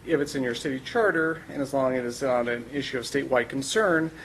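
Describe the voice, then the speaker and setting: A man's voice: medium pitch, fast, slight background noise, rough recording. A man giving a formal, explanatory presentation to a city council, orderly but with frequent fillers.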